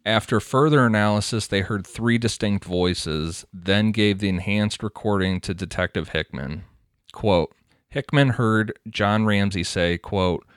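Low-voiced man reading case notes. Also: unhurried, clean tone, no echo, clean studio sound. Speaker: podcast co-host. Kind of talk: casual true-crime podcast chat, reading quotes aloud.

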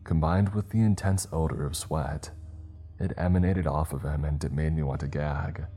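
A man reads a horror story in a slow, grave, measured way. His voice is extremely deep and dark, with faint music playing beneath. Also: husky. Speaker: narrator. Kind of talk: scripted horror story narration.

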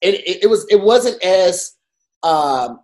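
A man co-hosting a podcast, talking in an animated, emphatic way full of fillers. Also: high voice, takes it slowly. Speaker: podcast co-host. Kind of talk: casual chat.

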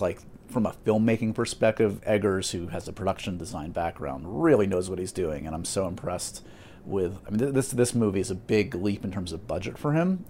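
A man hosting his podcast in casual chat, animated and self-deprecating with quick asides. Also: sits low, a little hiss or hum. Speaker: podcast host.

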